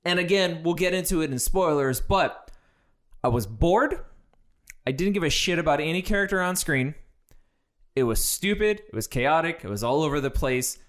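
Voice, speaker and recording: A man's voice: a little high, expressive, normal speed. Blunt, swearing man ranting a film review. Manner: blunt, exasperated, swears freely. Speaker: movie review co-host. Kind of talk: casual movie review chat.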